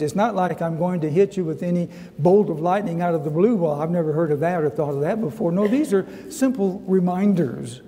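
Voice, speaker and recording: A middle-aged man with a Southern US accent teaching a Sunday school Bible lesson, earnest, repeating key phrases and slowing down to read scripture. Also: sits high, warm tone. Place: church sanctuary. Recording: long reverb of a church hall.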